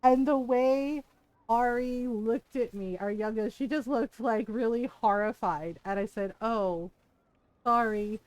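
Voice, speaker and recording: A woman's voice: on the high side, unhurried, mellow, no room sound. A woman streaming a game, chatting casually and laughing her way through rambling stories.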